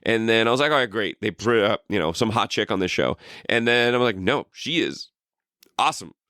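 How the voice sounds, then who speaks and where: Male podcast co-host: bright, dry sound, rambling and profane. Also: lowish voice, animated, fairly quick, dry recording. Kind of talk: casual chat.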